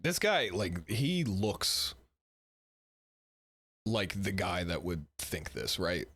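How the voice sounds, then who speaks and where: A man's voice: sits low, big pitch swings, slow pace, a bit bright, husky. A man streaming while sick, giving casual and sarcastic commentary as he reacts to a video. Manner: sarcastic, blunt, chatty.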